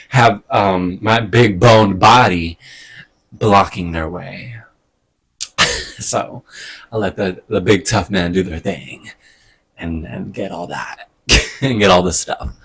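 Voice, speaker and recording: A man talking in a casual personal vlog, hesitant and rambling, getting emotional with soft laughs. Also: deep voice, vocal fry. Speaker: vlogger. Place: indoors at home during a move.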